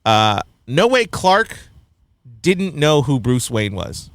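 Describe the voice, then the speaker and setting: A fairly high-voiced man talking slowly and bluntly in a casual review chat, laughing between his opinions. The sound is dry and close, with no room around it. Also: sing-song, a bit bright, no room sound. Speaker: podcast host reviewing a film.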